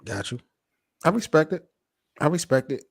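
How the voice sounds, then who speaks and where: A man's voice: on the high side, sing-song, normal speed, creaky, breathy edge, dry recording, clean studio sound. A man co-hosting a sports podcast, pushing back and challenging the others in casual debate. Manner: challenging, argumentative. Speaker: podcast co-host.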